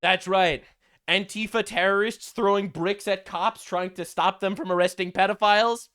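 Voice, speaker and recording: A man's voice: high-pitched, steady tone, normal speed, fairly bright tone. A man hosting a political reaction commentary, crude and sarcastic, rambling with many fillers.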